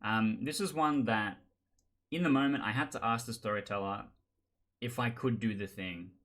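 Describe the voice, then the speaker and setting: A man hosting a board game channel, telling his favorite game stories in a chatty, animated way and acting out what other players said. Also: fairly low pitch, normal speed. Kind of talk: casual storytelling monologue.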